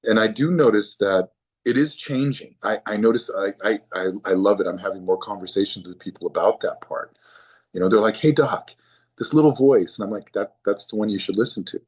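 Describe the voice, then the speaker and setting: A man's voice: fairly low pitch, fairly quick, husky. A man speaking as a physician guest in an interview, earnest and often repeating words as he starts a thought. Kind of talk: conversational interview.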